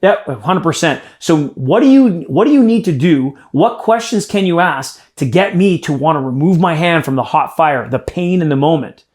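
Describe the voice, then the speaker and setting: A man leads a live sales training session, speaking emphatically and turning straight to his group as he coaches. His voice sits slightly on the higher side for a man. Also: expressive, moderate pace, few pauses, darkish tone.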